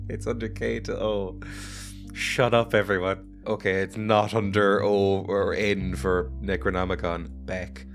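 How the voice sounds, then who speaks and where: A man's voice: on the low side, fairly even intonation, normal speed. A man playing a game and chatting casually, joking and laughing as he goes. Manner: chatty, jokey, laughs often. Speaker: let's play gamer. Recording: music playing behind.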